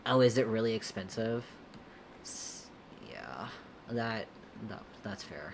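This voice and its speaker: Very low-voiced, laid-back young woman streamer. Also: animated, a little slow, slight background noise. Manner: laid-back, rambling, giggly, slangy. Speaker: artist streamer answering chat. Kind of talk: casual livestream chat while drawing.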